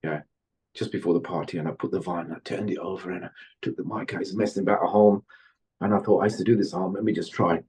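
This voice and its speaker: A middle-aged man from Birmingham, England, guesting on an interview podcast and telling stories from his music career in an animated way. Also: sits low, fast, slightly rough. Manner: animated storyteller, slips into Jamaican-style patois when chanting. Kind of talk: storytelling interview.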